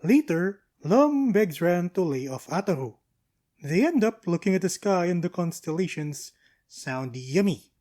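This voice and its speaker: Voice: medium pitch, very animated, a little slow, dark tone. An anime reviewer giving a casual episode recap, breezy and full of slangy quips and asides.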